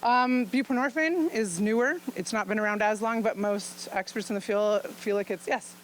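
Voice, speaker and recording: A woman's voice: medium pitch, moderate pace, a little hiss or hum, poor audio. A woman physician giving an informal talk to an audience. She speaks frankly and chattily and laughs often as she explains things. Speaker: physician presenting at a luncheon.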